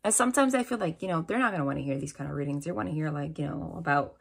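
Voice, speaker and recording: A woman's voice: sits low, racing, vocal fry, husky. Chatty woman giving a spiritual reading. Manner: chatty, reassuring, lots of "like" and "right?". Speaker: tarot reader.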